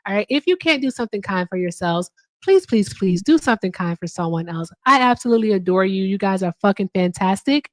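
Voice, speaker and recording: A woman's voice: mid-range voice, lively intonation, fairly quick, no room sound. A woman hosting a casual livestream. She is chatty and upbeat, says "all right" often and swears casually. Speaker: livestream host.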